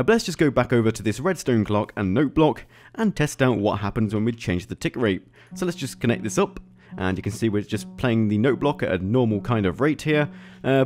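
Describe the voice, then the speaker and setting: A man giving casual gameplay commentary as a YouTube host. He talks in a chatty, excitable way and laughs often. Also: medium pitch.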